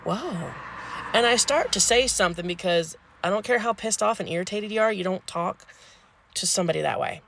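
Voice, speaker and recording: A woman who works as a home health aide telling a comic story, animated, blunt and salty. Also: medium pitch, fairly quick, gravelly, slight background noise.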